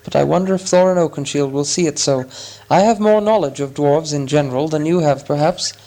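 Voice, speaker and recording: Guy reading as a wise old elf king, slow and dignified, raised pitch. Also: warm tone, natural voice, poor audio. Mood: gracious.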